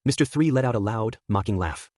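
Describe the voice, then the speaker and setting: A man narrating a fan fiction story in a steady, even reading voice. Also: on the low side, a little fast, no echo, clean studio sound.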